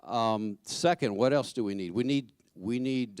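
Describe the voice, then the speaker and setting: A man's voice: medium pitch, darkish tone, clean tone, no echo, clean studio sound. Joking man giving church announcements. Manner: chatty, joking, halting with fillers. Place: church sanctuary.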